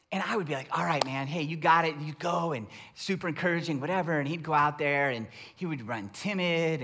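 A middle-aged man preaching a sermon as pastor, conversational and animated, rising into emphatic raised bursts. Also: fairly high pitch.

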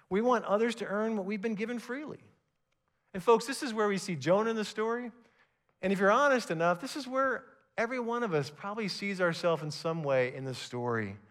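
High-voiced man preaching a sermon. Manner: animated preaching, reads scripture aloud, occasional stammered restarts. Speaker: pastor.

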